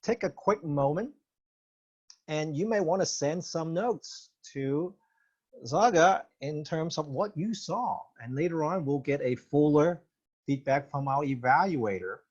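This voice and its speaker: A man hosting an online club meeting, introducing the next speaker in a friendly, measured way. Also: on the high side, expressive, a little mellow, breathy edge, lo-fi sound. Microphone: video call.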